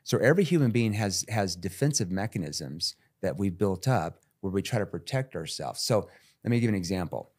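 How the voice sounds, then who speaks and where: A man's voice: fairly quick, slightly rough. A man, a sales trainer, talking energetically in an interview and jumping into acted sales calls. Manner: animated, jumps into high-pitched role-play voices. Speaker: sales trainer, podcast guest.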